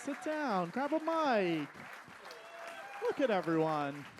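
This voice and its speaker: Man, high lively voice, slow playful delivery, faint crowd behind. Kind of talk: live comedy talk show banter. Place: live theater stage. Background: faint audience noise.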